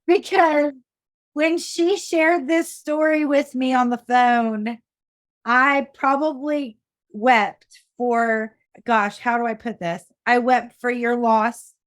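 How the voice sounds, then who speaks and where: A woman hosting a podcast interview, warm-hearted and chatty, often restarting her sentences. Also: high voice, fairly even intonation, very slow, no echo, studio quality. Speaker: podcast host.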